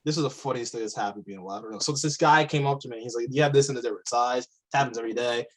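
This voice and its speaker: A man's voice: mid-range voice, racing, fairly bright tone. A young man co-hosting a casual podcast, telling loose work stories between laughs and acting out customers. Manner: loose storytelling with laughs and voiced impressions of customers. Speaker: podcast co-host. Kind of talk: casual chat.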